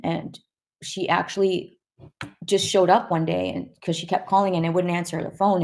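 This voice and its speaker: Woman, testimony guest, creaky gravelly tone, halting and soft-spoken delivery. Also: fairly low pitch. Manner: soft-spoken, halting, with many restarts and pauses. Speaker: guest sharing her testimony. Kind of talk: emotional personal testimony.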